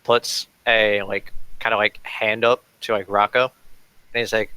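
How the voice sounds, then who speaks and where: A man's voice: on the low side, flat delivery, unhurried, sharp tone, clear, resonant tone, no echo, poor audio. A man playing a tabletop game, describing his character bluntly and offhandedly. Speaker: player. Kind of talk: casual tabletop play.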